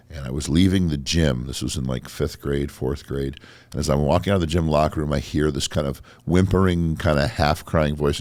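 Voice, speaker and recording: A man's voice: extremely low pitch, darkish tone, no echo. A man hosting a podcast interview, telling stories bluntly and swearing freely. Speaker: podcast host. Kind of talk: casual interview storytelling.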